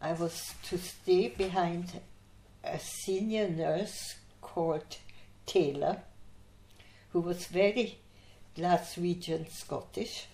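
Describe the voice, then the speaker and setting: An older woman from Austria recalls her past in an unhurried, anecdotal way, breaking into laughter now and then. Her voice sits a little low and she takes her time. The room around her rings with echo. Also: warm tone, slight background noise. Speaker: interviewee. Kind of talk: oral history storytelling. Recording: echoey room.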